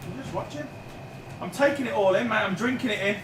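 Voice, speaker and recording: A man chats as a guest in laid-back, matey banter, his voice high and his words quick. He sits away from the mic in an echoey room. Clear background noise runs under him. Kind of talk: casual chat. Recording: distant, echoey and noisy room sound.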